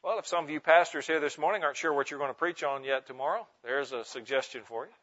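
A man preaching with emphatic, deliberate stress, leaning hard on single words. His voice sits a little high for a man. The recording is slightly muffled and lo-fi. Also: a bit bright. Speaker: preacher teaching pastors. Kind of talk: sermon teaching on Bible meditation. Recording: muffled lo-fi sound.

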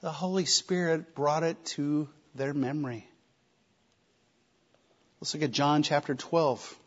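A man preaching a sermon, emphatic, with rhetorical questions and shifting loudness. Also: fairly high pitch, fairly even intonation, takes it slowly. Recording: slightly dull lo-fi recording.

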